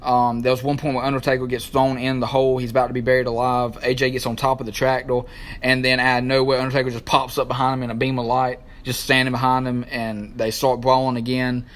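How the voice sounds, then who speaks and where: A man, co-hosting a wrestling talk show, who recaps matches in an excited, rambling casual way and stops to search for names. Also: medium pitch, quick pace.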